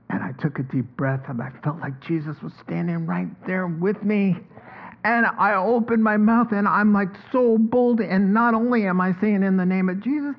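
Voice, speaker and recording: A man voicing a bold, excited apostle who retells his own arrest in breathless, animated first-person storytelling. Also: on the high side, lo-fi sound.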